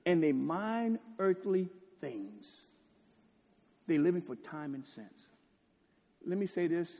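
Impassioned high-voiced male preacher, husky. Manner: impassioned, swings from loud declaiming to hushed near-whisper; repeats rhetorical questions. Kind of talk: sermon. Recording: long hall reverb.

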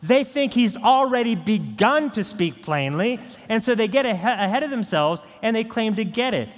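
Male pastor, fairly high voice, earnest sermon, hall reverb. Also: lively intonation, normal speed. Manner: earnest, swings from hushed to raised. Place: church sanctuary. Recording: long echo of a large church hall.

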